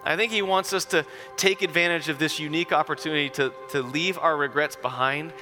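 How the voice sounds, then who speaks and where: A male pastor preaching a sermon, telling the story with hushed drops and rising emphasis. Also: on the high side, fairly even intonation, fairly quick, over music. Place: church.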